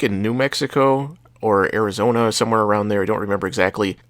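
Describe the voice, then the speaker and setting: Low-voiced man rambling about movies. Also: fairly bright tone, no echo. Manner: rambling, hesitant, fillers and restarts. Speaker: podcast co-host. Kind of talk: casual movie chat.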